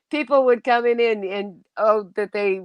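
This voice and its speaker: A woman's voice: on the high side, unhurried, smooth, dry recording, muffled recording. A middle-aged woman hosting a casual livestream chat, emotional and laughing often as she talks to viewers. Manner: warm, emotional, laughs often, restarts sentences. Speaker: livestream host.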